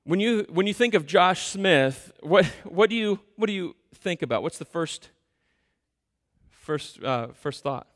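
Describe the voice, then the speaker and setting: A man preaches in a church sanctuary, his fairly high voice ringing out with long reverb. He talks like he is chatting, poking fun at himself and acting out the stories. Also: unhurried. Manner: conversational, self-deprecating, animated storytelling. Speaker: pastor. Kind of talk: sermon.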